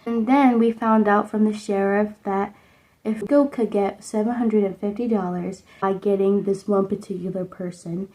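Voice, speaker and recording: A woman's voice: medium pitch, fairly even intonation, normal speed, mellow, poor audio. Young woman vlogger, chatty and rambling, recaps a movie at home, full of fillers. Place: indoors at home under a sunset lamp.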